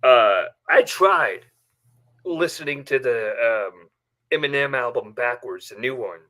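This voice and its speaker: A man's voice: medium pitch, animated, measured pace, pushed and bright. Male stream host, chatty and rambling, recorded at home. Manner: rambling storyteller with many fillers. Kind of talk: casual live stream chat. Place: bedroom at home.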